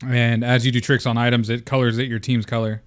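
A man's voice: medium pitch, little pitch movement, quick pace, clean tone. Loose, joking young man hosting a podcast. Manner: loose, joking, swears freely. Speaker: podcast host. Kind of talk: casual gaming podcast chat.

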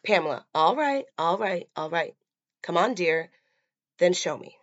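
A woman voicing a grieving middle-aged mother turned killer, soft-spoken and quietly menacing, in a dull lo-fi recording. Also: lowish voice, lively intonation, unhurried, no echo. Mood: soothing.

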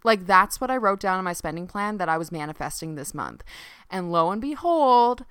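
A young woman hosting a casual solo podcast. She talks in an animated, chatty way, swears freely and fills her speech with "like". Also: lowish voice, normal speed, clean tone, no room sound, studio quality. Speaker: podcast host and coach.

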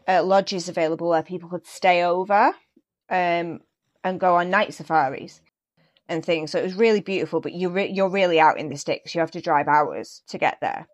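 An English woman, an actor and football fan, joins a casual podcast as a guest over a remote call. Her voice is lowish and her pace normal, and she tells stories in a lively, animated way, laughing along.

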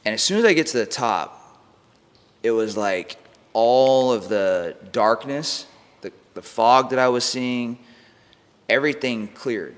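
Brief: male guest, mid-pitched, loose and profane storyteller, recorded with a long room reverb. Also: lively intonation, unhurried, clear, resonant tone. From United States. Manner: swears freely, says "bro" and "like". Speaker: podcast guest, mindset coach. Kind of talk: casual storytelling.

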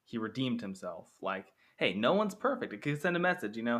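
Bright-voiced man rambling about movies. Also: medium pitch, sing-song, fairly quick. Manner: rambling, with many fillers, acting out quotes. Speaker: podcast host. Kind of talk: casual movie comparison monologue.

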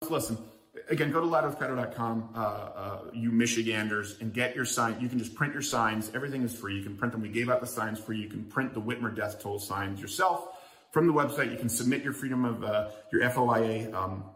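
A man's voice: medium pitch, fairly quick, fairly bright tone, roomy sound. A man hosting a political talk show monologue, sarcastic and rousing. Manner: sarcastic, rousing, chuckling at his own jokes.

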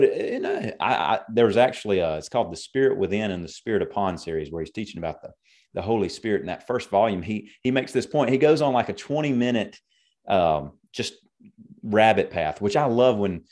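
A man with a low-pitched voice talks in an earnest, preachy way. He quotes scripture as he goes and sounds like a pastor speaking to his church family. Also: big pitch swings, a little fast, a little mellow. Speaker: pastor and co-host. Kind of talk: conversational ministry talk.

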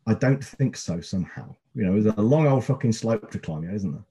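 Sweary man in his fifties, husky. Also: lowish voice, lively intonation, a little fast, dark tone. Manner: sweary, rambling storyteller. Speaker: podcast host. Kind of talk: casual podcast chat.

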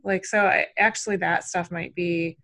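Low, gravelly-voiced mother musing aloud. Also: steady tone, moderate pace, bright, forceful tone. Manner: rambling, self-questioning, many fillers. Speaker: mother and podcast guest. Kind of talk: casual conversation.

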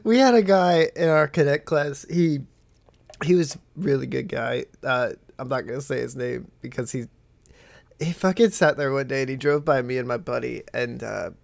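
A man's voice: mid-range voice, normal speed, gravelly, no echo. A man in his twenties, a podcast host, telling crude stories in casual chat and acting out the quotes.

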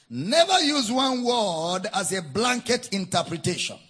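A man with a Nigerian accent preaching a sermon, teaching with deliberate emphasis and spelling out words. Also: high-pitched, vocal fry, fairly bright tone, breathy edge. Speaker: pastor.

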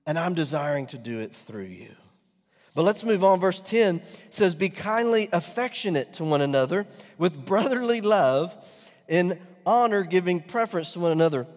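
A male pastor delivers a sermon in a high, animated voice that rises to loud emphatic peaks and drops to near-whispers. He often turns rhetorical questions on his congregation. The sound carries a long reverb, as from a large hall. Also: moderate pace. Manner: preaching with big swings from loud emphatic peaks to soft, near-whispered lines.

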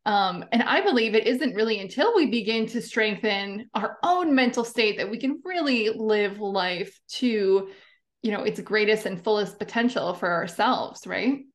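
A woman's voice: medium pitch, expressive, a little slow. A woman hosting a podcast who reflects aloud in a casual interview, affirming her guest. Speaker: podcast host.

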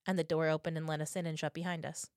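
A woman's voice: deep voice, racing, no echo, studio quality. A woman in her thirties, co-hosting a podcast, telling stories in casual chat, swearing freely and acting out what people said. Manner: profane, animated storytelling with acted-out quotes. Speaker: podcast co-host.

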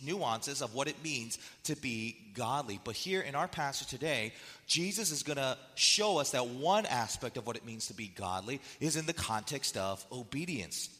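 A man's voice: mid-range voice, fairly bright tone. A man preaching a sermon as pastor, conversational and repeating his key phrases. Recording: long hall reverb.

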